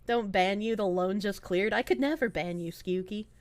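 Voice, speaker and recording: A woman's voice: mid-range voice, moderate pace, dry recording. A woman streamer chatting casually and rambling on a live stream, laughing often between lines.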